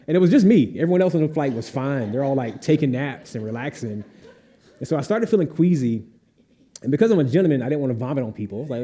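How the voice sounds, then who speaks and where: A man's voice: mid-range voice, fast talker. A young adult man telling a comic anecdote at a live author event, acting out the voices of the people in it and laughing often. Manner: animated storyteller, acts out voices, laughs often. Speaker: author on a panel.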